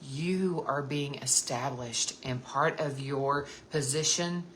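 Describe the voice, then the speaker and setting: A woman's voice: extremely low pitch, takes it slowly, a little hiss or hum. A woman giving earnest, emphatic devotional Bible teaching to other women, repeating key points and calling them sisters. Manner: addresses listeners as sisters.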